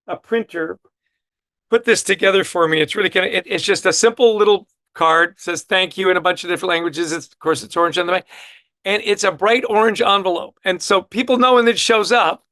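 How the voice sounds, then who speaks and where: A middle-aged man telling lively stories with enthusiasm as a guest author in a casual interview. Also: high voice, no echo. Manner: animated, enthusiastic anecdote teller.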